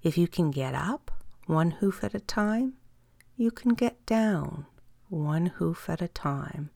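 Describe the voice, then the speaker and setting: Woman doing a calm, kindly little she-yeti for a storybook; low, slightly gravelly, unhurried. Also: no echo, studio quality, exaggerated voice. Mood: soothing. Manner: soothing, slow and patient. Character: small kind young female yeti, calm and gentle.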